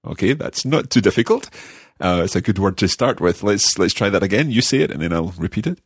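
A man hosting a podcast language lesson, guiding it in a friendly, measured way as he learns along. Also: deep voice, expressive, husky, no echo, studio quality. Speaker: language course host and learner.

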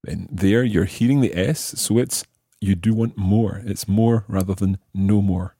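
A man hosting a language podcast, explaining phrases patiently and slowing down to model them. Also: lowish voice, mellow, breathy edge, dry recording, clean studio sound. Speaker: language teacher and podcast host. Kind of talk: explanatory lesson narration.

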